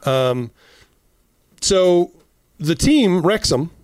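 Lively man telling stories with swearing. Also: high voice, very slow, no echo, studio quality. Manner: animated storyteller, swears freely, acts out quotes. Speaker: podcast co-host. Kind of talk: casual political chat.

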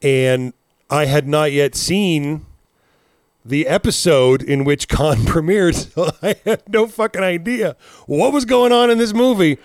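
The recording is clean studio sound without any room tone. A man in his forties co-hosts a podcast, his voice fairly high and unhurried, telling profane, rambling stories punctuated by laughs in relaxed conversation.

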